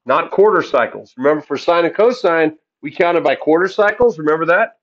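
A man's voice: fairly high pitch, lively intonation, moderate pace, muffled recording. A man teaching a math class in an upbeat, jokey way, asking the class questions as he works through the graphs. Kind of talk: classroom lesson.

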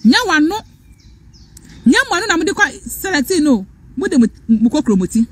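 A woman's voice: sits high, big pitch swings, brisk. A Ghanaian woman hosting a live stream, lecturing fiercely and repeating her points. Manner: fiery, lecturing, repeats phrases, switches between English and Twi. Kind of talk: impassioned live-stream rant.

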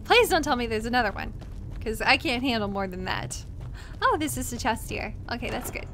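A young woman streaming a video game live, reacting excitably with shouts, groans and laughter as she plays. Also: on the high side, brisk, slight background noise. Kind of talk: live gameplay commentary.

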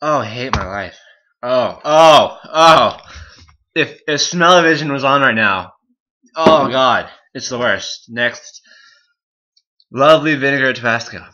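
Young male vlogger, slow-talking and bright-toned, in pain and teary, cursing and laughing. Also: expressive, lo-fi sound, slight background noise. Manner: swearing, groaning and laughing through a hot sauce challenge; muttering low asides. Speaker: YouTuber. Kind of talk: casual vlog.

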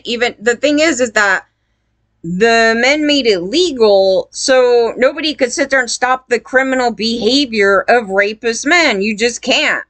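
A woman's voice: fairly high pitch, fairly bright tone, no room sound. A woman talking to her viewers in a rambling, indignant casual monologue, full of fillers. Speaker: vlogger.

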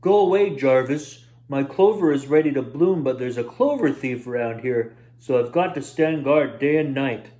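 Man doing a grumpy, yelling clover guard. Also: on the high side, a little slow, lightly acted. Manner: gruff, yelling.

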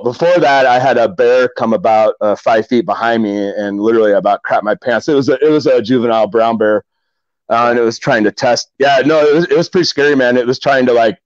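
A man's voice: mid-range voice, no echo, highs cut off. Rambling middle-aged man telling fishing stories. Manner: rambling, animated storyteller with many fillers and restarts. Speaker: kayak angler guest. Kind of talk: casual storytelling interview.

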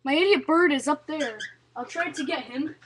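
A woman's voice: sits high, normal speed, fairly bright tone, a little hiss or hum. A young woman casually vlogging at home, chatting to the camera and cooing at her pets. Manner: chatty, talks baby talk to pets. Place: at home indoors.

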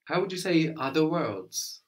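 A man's voice: on the high side, animated, measured pace. A man teaching a language one-to-one, prompting his student with questions and brief praise.

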